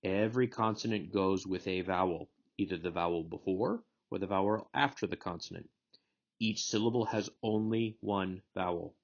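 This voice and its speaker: Low gravelly man teaching a lesson. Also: normal speed, dull audio. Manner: methodical, explanatory teaching. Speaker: Hebrew instructor. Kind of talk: recorded lecture.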